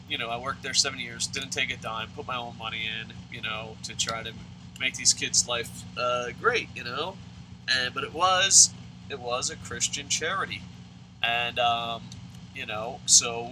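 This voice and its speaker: A man hosting a let's play, telling a story as he plays. He rambles, swears often and slips into sarcasm, pausing on frequent fillers. A clear background noise runs under the recording. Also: mid-range voice. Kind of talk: casual storytelling over gameplay.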